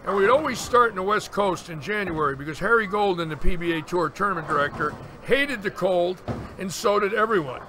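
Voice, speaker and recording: A man's voice: sits high, fairly quick. A man in his sixties, a bowling commentator, telling long stories in casual chat and acting out the quotes. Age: 60s. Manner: animated storyteller, acts out quotes. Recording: noticeable background noise.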